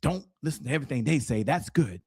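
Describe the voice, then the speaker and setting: A man voicing an elderly male mentor who gives calm, slow, kindly advice in a lowered voice. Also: slightly rough. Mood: gentle advising.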